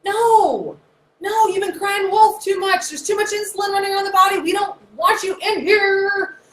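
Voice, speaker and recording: A woman's voice: extremely high pitch, moderate pace, a bit bright, voice pushed up. A woman voicing a fed-up body cell that scolds insulin and turns it away, in a cartoonish put-on voice. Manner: exasperated, scolding. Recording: echoey room, faint noise.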